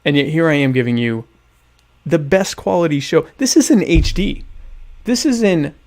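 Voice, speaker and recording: A man's voice: on the high side, animated, normal speed, darkish tone. A man hosting a casual solo livestream from home, rambling sarcastically and eating dinner while he talks. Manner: sarcastic, rambling, mock-grandiose. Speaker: podcast host. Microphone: webcam stream setup.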